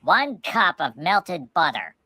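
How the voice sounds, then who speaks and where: Low-voiced rambling woman, dry close mic. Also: very animated, slow, bright, forceful tone, dry recording. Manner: rambling storyteller with restarts. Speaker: podcast co-host. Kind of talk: casual chat.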